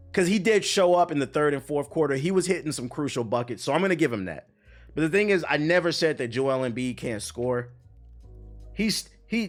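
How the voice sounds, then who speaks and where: A young man streaming live, ranting in a heated, profane and emphatic way, with faint music behind him. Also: a little high. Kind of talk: animated live-stream rant.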